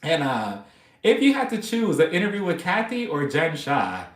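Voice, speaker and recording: A man hosting a casual live stream, chatting excitably and gossiping about reality TV between laughs. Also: fairly high pitch, moderate pace, echoey room.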